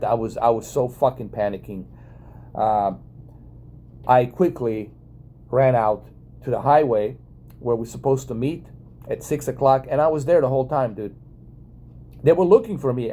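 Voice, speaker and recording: Casual vlogger man, dark mellow tone, excitable and profane storytelling. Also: mid-range voice. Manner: excitable, profane, many fillers and restarts.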